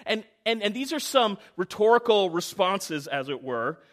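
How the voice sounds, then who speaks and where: Guy preaching w a pretty high voice, animated, goes quiet then loud, trips over his words a lot. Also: normal speed. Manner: animated, swings from hushed to loud. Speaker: pastor. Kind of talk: sermon with personal storytelling.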